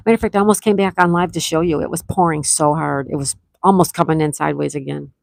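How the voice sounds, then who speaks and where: A woman's voice: low-pitched, steady tone, fast, vocal fry, no room sound. A woman hosting a casual live stream, chatting with viewers, reading their comments aloud and spelling out game letters. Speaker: livestream host.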